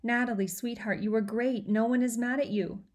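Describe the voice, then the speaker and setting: A woman reading aloud, voicing a worried, gentle father who soothes his children. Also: fairly high pitch, fairly even intonation, moderate pace, pitched above the performer's own voice, natural voice. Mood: reassuring. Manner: soothing, reassuring.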